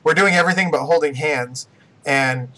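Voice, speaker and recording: Bright-voiced joking podcast man. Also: a little high, normal speed. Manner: joking, rambling, lots of fillers. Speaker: podcast co-host. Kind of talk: casual chat.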